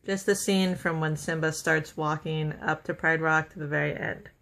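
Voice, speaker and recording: A young woman talks casually to the camera in a somewhat low-pitched voice. She gushes with enthusiasm, laughs often and runs her thoughts together with plenty of fillers. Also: steady tone, moderate pace, vocal fry, a bit bright. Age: young adult. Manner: chatty with many fillers and run-on sentences. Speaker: vlogger.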